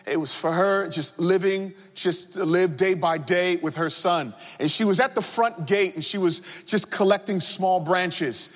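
A man reading scripture aloud and then preaching about it, in an earnest, deliberate way, often repeating words as he builds a point. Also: high-pitched. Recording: long reverb.

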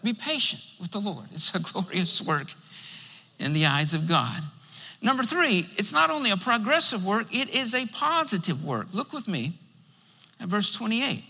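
A male preacher with a strikingly high, very bright voice delivers a sermon, stacking up numbered points and punctuating them with amens. His voice carries a long reverb, as if spoken in a large church sanctuary. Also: very animated, normal speed, gravelly, husky. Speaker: pastor.

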